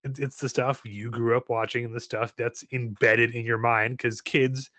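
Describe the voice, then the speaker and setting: A man's voice: mid-range voice, level tone, normal speed, pushed and bright, dry recording. A man in his thirties co-hosting a casual podcast chat, joking and rambling with many restarts. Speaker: podcast co-host.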